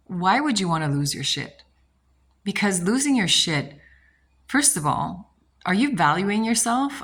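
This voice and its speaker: Deep-voiced woman coach, blunt and emphatic, fond of rhetorical questions. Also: a bit bright, breathy edge. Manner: emphatic, blunt, swears casually. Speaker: manifestation coach. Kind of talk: motivational talk to camera.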